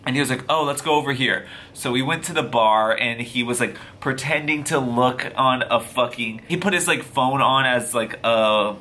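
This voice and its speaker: A man vlogger casually retelling a story to camera, profane and animated, full of slang. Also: mid-range voice, moderate pace, few pauses, a little hiss or hum.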